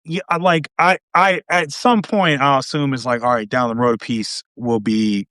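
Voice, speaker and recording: A man's voice: mid-range voice, steady tone, moderate pace, fairly bright tone, no room sound, studio quality. A man hosting a podcast, talking in a laid-back, rambling way with lots of restarts. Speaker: podcast host. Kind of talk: casual conversation.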